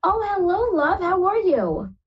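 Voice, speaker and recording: A woman's voice: very high-pitched, very animated, a little slow, dull audio. A woman hosting a live call-in psychic reading show, effusive and tearful, calling callers "love".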